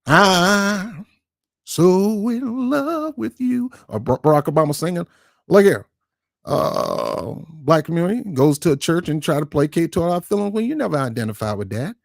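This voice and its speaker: A man's voice: a little high, sing-song, fairly quick, creaky, darkish tone, dry recording, clean studio sound. A man hosting his own online show, giving ranting political commentary in an emphatic, confrontational way and repeating words for stress. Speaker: YouTube commentary host.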